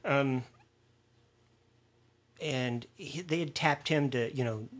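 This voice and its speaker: A man casually telling an animated anecdote from his student days, with a slightly husky voice. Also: mid-range voice, slow. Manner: animated storyteller, acts out quoted lines. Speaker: former student telling a story.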